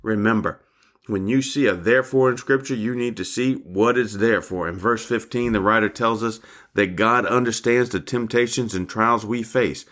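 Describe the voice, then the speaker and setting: A man's voice: lowish voice, moderate pace, fairly bright tone. An older man giving a fervent devotional sermon as a pastor, calling his listeners family. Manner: fervent, repeats calls of "family" and "hallelujah".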